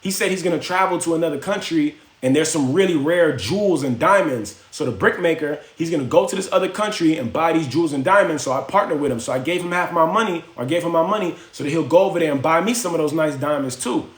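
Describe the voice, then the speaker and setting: A man's voice: a little high, fast, few pauses, voice pushed up, lightly acted. A man voicing a naive, eager young male scribe who talks in a casual, slangy, defensive way. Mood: proud. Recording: roomy echo.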